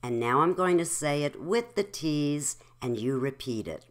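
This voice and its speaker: Woman, speech teacher, very low pitch, slow measured drills, careful enunciation. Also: expressive. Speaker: elocution teacher.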